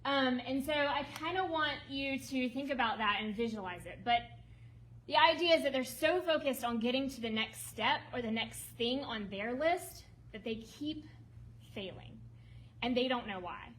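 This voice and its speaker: A woman presenting a ministry project to an audience, lively and emotional, prompting listeners to respond. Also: sits high, moderate pace, low-quality recording. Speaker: ministry speaker presenting a women's home. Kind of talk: talk to a seated audience with slides. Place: meeting room with tables.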